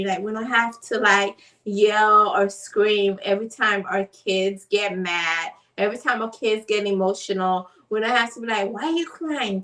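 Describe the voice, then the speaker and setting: A woman's voice: mid-range voice, a bit bright, recorded from a distance, low-quality recording. A woman, a mother, talking casually and earnestly to the camera with lots of "like" and "you know". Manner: unhurried, earnest, many fillers like "like" and "you know". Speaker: mother vlogger.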